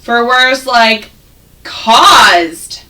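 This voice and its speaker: Slow, bright-voiced woman teaching phonics. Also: on the high side, animated, far from the mic, rough recording. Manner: slow, exaggerated sounding out of words. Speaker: first grade teacher. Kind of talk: online phonics lesson. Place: home, on a video call with students.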